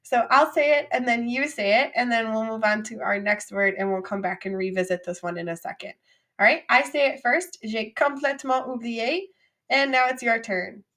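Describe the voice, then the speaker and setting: A woman teaching a recorded French vocabulary lesson, drilling phrases with clear, upbeat repeat-after-me prompts. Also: fairly high pitch, fairly bright tone.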